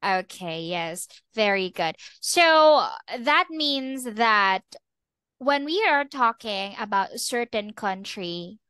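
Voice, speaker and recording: A woman English teacher giving a slow, patient online lesson over a video call. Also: mid-range voice, expressive, bright, forceful tone, clear, resonant tone, no room sound.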